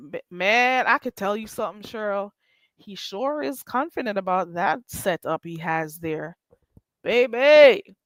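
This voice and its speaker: A woman hosting a casual livestream commentary, reading chat aloud and ranting bluntly with plenty of swearing and sudden loud jumps in pitch. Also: no echo. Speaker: YouTube commentary host.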